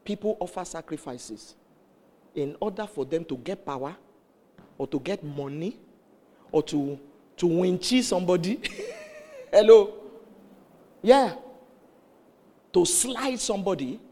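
Male preacher, high lively voice, storytelling sermon in a reverberant hall. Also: normal speed, pauses often. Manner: animated storytelling, acts out voices in quotes.

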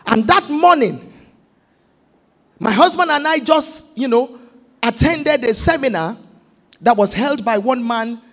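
A Nigerian woman pastor preaching an exuberant sermon that rises to shouted declarations. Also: a little high, animated, measured pace, long pauses.

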